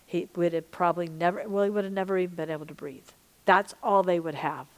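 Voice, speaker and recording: A middle-aged woman teaching a sermon-style podcast, impassioned, dropping to hushed whispers and rising to loud emphasis. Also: on the low side, steady tone, quick pace. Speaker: Christian teacher and minister.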